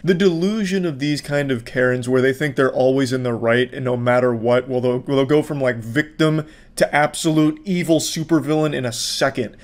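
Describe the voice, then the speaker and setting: A man's voice: medium pitch, moderate pace, hardly any pauses. A man hosting a casual reaction commentary, sarcastic and profane. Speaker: commentary channel host.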